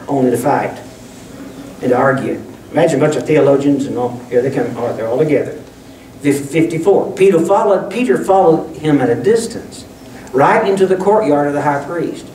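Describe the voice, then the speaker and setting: A man's voice: fairly high pitch, darkish tone, slight background noise. A man preaching a sermon as pastor, talking in a folksy, conversational way with frequent restarts. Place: church sanctuary. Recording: echoey room, distant mic.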